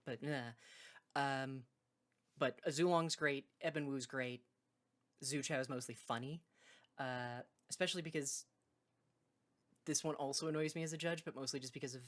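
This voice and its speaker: A woman hosting a card game video, talking in a loose, rambling way and correcting herself mid-sentence. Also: sits low. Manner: rambling, self-correcting, laughs between points. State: hiccuping. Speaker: card game video host and tournament judge. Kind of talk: casual unscripted video intro.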